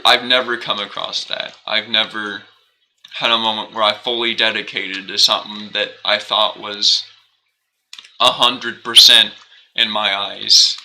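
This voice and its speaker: Bright-voiced rambling young male streamer. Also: fairly low pitch, normal speed, rough recording. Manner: rambling, self-questioning, animated, laughs often. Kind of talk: casual live-stream chat while gaming.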